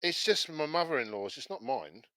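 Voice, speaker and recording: A man chatting on a gaming podcast, telling stories in an animated way, swearing and laughing as he goes. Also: on the high side, moderate pace, dry recording. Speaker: podcast co-host. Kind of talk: casual chat, storytelling.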